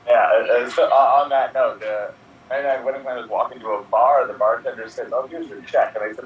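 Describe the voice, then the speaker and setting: A man's voice: medium pitch, steady tone, fast talker, a little hiss or hum. A man telling improvised jokes with a hesitant start and a dry delivery, heard through a dull, distant mic. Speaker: improv player.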